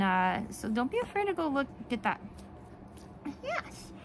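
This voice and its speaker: A woman talking casually in a vlog, animated and rambling, with frequent restarts and laughs. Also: on the high side, slight background noise. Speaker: vlogger and children's book author. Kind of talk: casual talk to camera.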